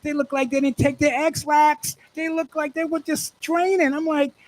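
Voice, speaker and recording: An older man, a radio station manager hosting his talk show, hyping an event with exuberant, preachy shouts. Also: very high-pitched, moderate pace. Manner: exuberant, preachy call-and-response, shouts when excited. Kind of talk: hyped radio promo talk.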